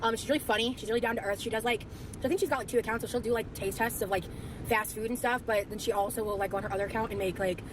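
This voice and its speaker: A woman's voice: a little high, steady tone, very fast. A tired young woman vlogging in casual, rambling chat with lots of fillers, played back from her video. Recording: vlog audio with clear background noise.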